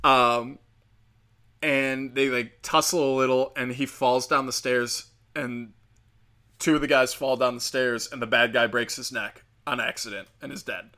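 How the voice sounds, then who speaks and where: A man's voice: medium pitch, fairly even intonation, unhurried, bright, forceful tone. A man hosting a podcast, telling a show's story in a rambling, profane, joking way. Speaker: podcast host. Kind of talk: casual rambling show recap.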